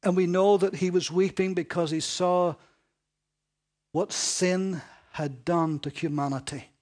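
A man preaching a sermon, reading scripture and explaining it earnestly, swinging between loud emphatic lines and soft hushed ones. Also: high-pitched, fairly even intonation, measured pace. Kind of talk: expository sermon.

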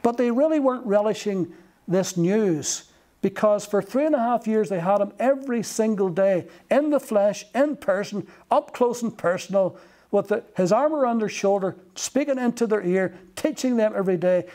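Slow, emphatic preacher, high voice. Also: male voice, warm tone. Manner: slow, emphatic delivery with long pauses. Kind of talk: sermon.

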